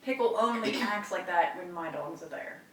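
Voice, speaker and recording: A middle-aged mother co-hosting a casual podcast, an animated storyteller who laughs a lot. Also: lowish voice, moderate pace. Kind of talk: casual chat. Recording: echoey room, mic at a distance.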